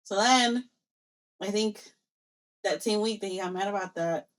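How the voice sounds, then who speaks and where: A young woman co-hosting a podcast tells a story in a loose, casual way. She acts out both sides of old conversations with lots of back-and-forth energy. Her voice sits in a middle pitch. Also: measured pace. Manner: animated storyteller, acts out quoted exchanges, mixes in Spanish phrases. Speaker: podcast co-host.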